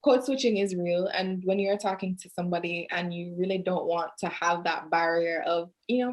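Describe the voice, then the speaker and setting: A woman's voice: on the low side, steady tone, moderate pace, few pauses, rough recording. A woman with a Jamaican accent hosting a casual interview, chatty, laughing often and slipping into patois. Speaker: podcast host.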